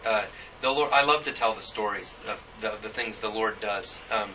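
A man preaching a sermon, reading scripture and telling a personal story in an earnest, halting way with many fillers. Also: lowish voice, noisy background. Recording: muffled, distant church recording.

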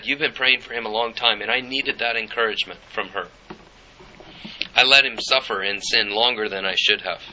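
Earnest male preacher, bright lo-fi sound. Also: mid-range voice. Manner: earnest, personal storytelling with scripture reading. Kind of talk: sermon. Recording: dull lo-fi with faint noise.

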